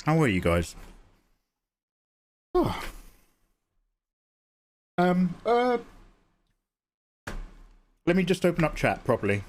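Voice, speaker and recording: Chatty streamer man with a lively voice. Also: fairly high pitch, slow pace, pauses often. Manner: chatty, greets viewers, jokey. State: frequently clearing his throat. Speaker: livestreaming artist. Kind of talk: casual live-stream chat.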